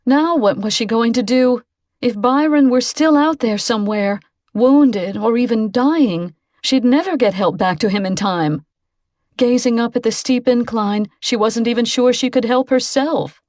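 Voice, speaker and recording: A woman narrating a novel aloud in a measured, expressive way. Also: fairly high pitch, no echo, studio quality. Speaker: audiobook narrator. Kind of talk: scripted narration.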